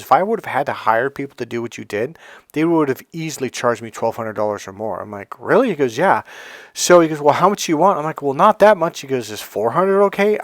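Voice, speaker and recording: A man talking as a life coach in a casual motivational monologue, telling personal stories and acting out quoted exchanges with sudden high-pitched bursts. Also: no room sound, clean studio sound.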